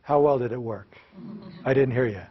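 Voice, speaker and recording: An older American man, once a teacher, tells self-mocking stories to an audience and puts questions to them in a humorous storytelling talk. His voice is husky and mid-range, his pace moderate, and the audio sounds dull.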